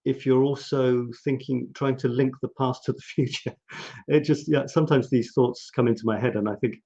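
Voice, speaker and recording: A man's voice: medium pitch, steady tone, moderate pace, gravelly, warm tone, dull audio. A man casually hosting a live photography stream, musing aloud and talking straight to his viewers. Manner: chatty, musing, talks to viewers directly. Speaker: host of a live photography show.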